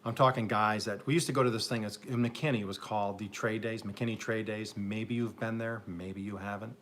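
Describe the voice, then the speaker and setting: Live from a home garden in Oklahoma, a garden channel host with an upstate New York accent talks casually and jokes with his chat viewers, rambling and teasing himself along the way. His fairly low, fairly bright voice moves fairly quickly with fairly even intonation. A little hiss or hum sits in the recording.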